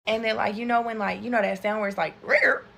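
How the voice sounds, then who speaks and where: Woman, storytime vlog, profane and animated, talks straight to viewers. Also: mid-range voice, fast talker, gravelly, a little hiss or hum. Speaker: content creator.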